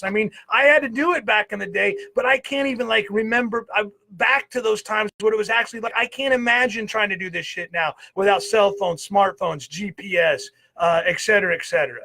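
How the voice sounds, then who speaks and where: A man's voice: high voice, bright, forceful tone. A man in his thirties hosting a live show, chatting casually and swearing freely. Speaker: host. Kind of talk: casual chat.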